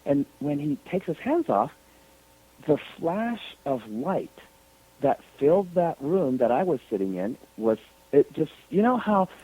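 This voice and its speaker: A man tells a story on a radio call-in, his voice bouncing up and down as he goes. He sits a bit high for a man, and comes through a thin, tinny phone line. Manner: animated, lively retelling. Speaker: radio show guest.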